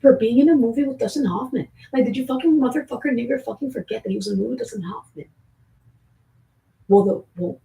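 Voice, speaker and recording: A woman streamer rambles through a profane, erratic monologue, dropping to whispers one moment and shouting the next. Her voice sits a little high and swoops widely in pitch. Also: lively intonation, fast talker, creaky, rough recording. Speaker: livestreamer.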